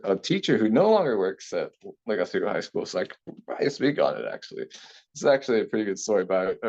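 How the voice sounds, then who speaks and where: A young man telling a story from his school days in a relaxed interview, talking casually with many fillers and restarts. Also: deep voice. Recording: slightly dull lo-fi sound.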